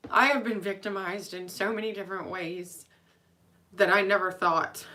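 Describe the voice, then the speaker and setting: A nurse in young adulthood shares a personal vlog with friends and family, her medium-pitched voice steady, pushed and bright. She goes a little slowly, rambling candidly and emotionally with many filler words.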